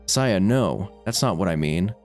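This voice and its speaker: A man's voice: sits low, lively intonation, a little slow, darkish tone, soft background music. A man reading the lines of a grieving teenage girl in a visual novel, hesitant and trailing off. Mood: subdued.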